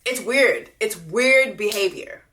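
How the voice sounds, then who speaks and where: A woman's voice: mid-range voice, lively intonation, slow, fairly bright tone, slight background noise. A woman hosting a reaction video, talking bluntly and profanely, repeating her points for emphasis. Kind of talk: unscripted reaction commentary.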